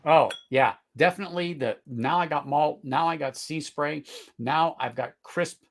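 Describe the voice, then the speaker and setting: A middle-aged man hosting a live whisky tasting, talking casually, searching for words, then bursting into excited exclamations. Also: on the high side, measured pace. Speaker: whisky tasting livestream host.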